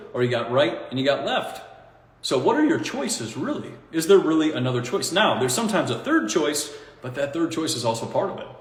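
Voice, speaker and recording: A man talking in a casual, rambling monologue, animated and mocking, often breaking into laughter at his own points. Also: medium pitch. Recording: echoey room with long reverb.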